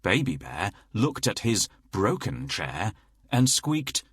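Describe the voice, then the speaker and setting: A man narrating a bedtime story in a slow, expressive storytelling way. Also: lowish voice, breathy edge, no echo, clean studio sound.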